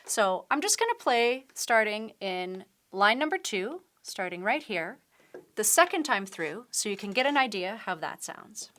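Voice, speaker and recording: A woman's voice: medium pitch, very animated, a little slow, fairly bright tone. A woman piano teacher giving a patient, step-by-step tutorial, explaining techniques while she demonstrates at the keyboard. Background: piano playing.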